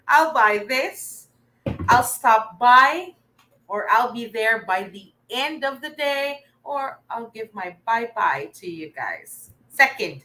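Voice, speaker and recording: A woman's voice: on the high side, sing-song, takes it slowly, bright, forceful tone, poor audio. A young Filipino woman teaching an online reading lesson, coaxing and praising her students as she goes. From Philippines.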